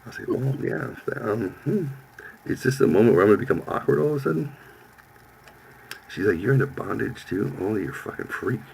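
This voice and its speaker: A man's voice: on the low side, a little fast, vocal fry, pauses often, a little hiss or hum, low-quality recording. A man in his fifties, a podcast host telling a profane story in casual chat, acting out the lines of the people in it. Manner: profane, animated storytelling with quoted voices.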